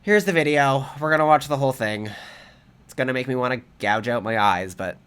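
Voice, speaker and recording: A man's voice: mid-range voice, a little fast, fairly bright tone, a little hiss or hum. A man giving angry, profane reaction commentary in a heated ranting manner. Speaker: commentary vlogger.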